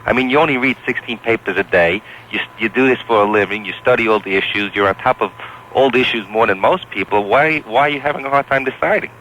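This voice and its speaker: A man's voice: medium pitch, fast talker, bright, forceful tone. A man calling into a radio show, challenging the host in a persistent, argumentative way. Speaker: caller. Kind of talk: call-in political argument. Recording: muffled AM radio broadcast with faint hiss.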